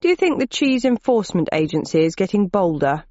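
A man's voice: high voice, very animated, brisk, a little mellow, dry recording. A woman voicing a shrewd male partner in cheese smuggling, matter-of-fact and sardonic, on a dull lo-fi recording. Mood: wry.

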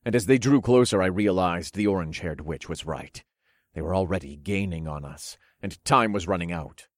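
A man narrating a first-person fantasy story in a steady, low-key manner. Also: normal speed, no echo, studio quality.

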